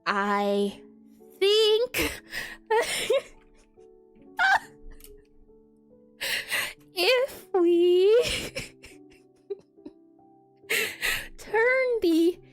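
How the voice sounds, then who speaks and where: A slow synthetic woman's voice reads typed lines with a drawn-out, questioning lilt. Each phrase stretches out at a crawling pace. Soft music plays faintly underneath. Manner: slow, low, drawn-out, every line sounds like a question.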